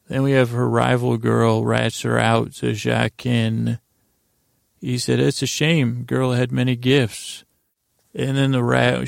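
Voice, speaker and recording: A man's voice: medium pitch, vocal fry, dry recording, studio quality. A man hosting a podcast, casually recapping a TV episode from his notes, rambling with frequent restarts. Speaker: podcast host.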